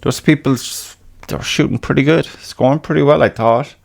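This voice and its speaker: A man's voice: mid-range voice, normal speed, creaky, no room sound, studio quality. An Irish man hosting a podcast in a casual, rambling monologue, swearing a lot and laughing at himself. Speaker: podcast host.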